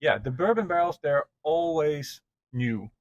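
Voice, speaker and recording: A man's voice: a little high, expressive, unhurried, no echo, highs cut off. A man, a brewer, explaining barrel aging at length in a casual tasting chat.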